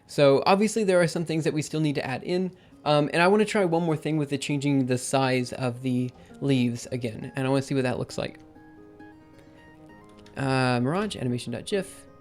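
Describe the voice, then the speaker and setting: A man's voice: mid-range voice, normal speed, a little mellow, soft background music. A young man streaming his programming session, thinking aloud with lots of fillers and self-corrections, his voice a bit worn. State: losing his voice. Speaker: livestreaming programmer. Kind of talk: casual live coding commentary.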